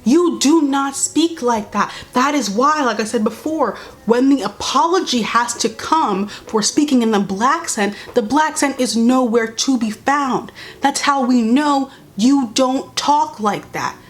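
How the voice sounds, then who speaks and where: A woman's voice: sits high, a little slow, hardly any pauses. A young woman vlogging casual commentary while doing her makeup, blunt, sarcastic and exasperated.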